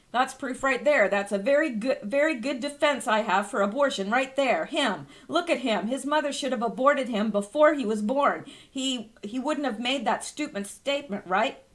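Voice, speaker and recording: A woman's voice: on the high side, normal speed. A woman hosting an online commentary show, reading news aloud with scornful, incredulous remarks. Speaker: channel host.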